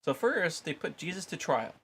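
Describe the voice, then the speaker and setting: A man's voice: on the high side, very animated, normal speed, a bit bright, slight background noise. A man reading a Bible passage aloud and then discussing it casually with many fillers. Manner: reads aloud, then chats loosely with many "like"s. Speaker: Bible study co-host. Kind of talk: scripture reading with casual commentary.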